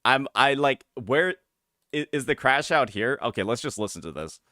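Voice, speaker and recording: A man's voice: mid-range voice, lively intonation, normal speed, bright, forceful tone, no room sound, clean studio sound. A man streaming a reaction to a video, talking casually and hesitantly, often restarting his sentences and asking questions.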